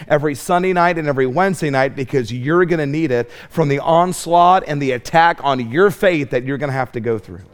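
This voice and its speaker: Middle-aged guy preaching hard at a camp meeting, high voice, gets loud and funny. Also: clean tone. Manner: impassioned, shouting at peaks, comic storytelling. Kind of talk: fiery camp sermon.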